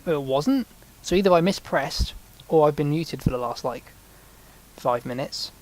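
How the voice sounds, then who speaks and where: Unhurried and animated, with a fairly high voice, a gaming channel host chats casually over his gameplay. His let's-play commentary rambles and is peppered with self-deprecating jokes.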